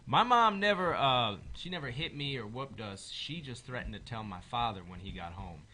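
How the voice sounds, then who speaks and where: A man's voice: medium pitch, moderate pace, slight background noise. A young man telling a story in a casual group chat, acting out the voices in it. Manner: animated, acts out quoted voices. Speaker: podcast guest.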